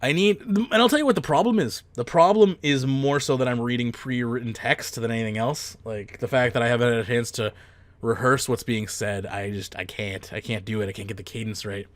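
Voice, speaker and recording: A man's voice: medium pitch, a little fast, no echo. A man hosting a casual podcast, rambling with fillers and the odd swear. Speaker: podcast host. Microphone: close headset mic.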